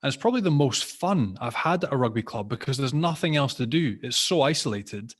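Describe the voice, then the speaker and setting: A man's voice: mid-range voice, animated, brisk. A man co-hosting a rugby podcast, chatting enthusiastically and asking his guest questions. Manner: enthusiastic, conversational. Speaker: podcast co-host, former rugby player. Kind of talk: casual podcast chat.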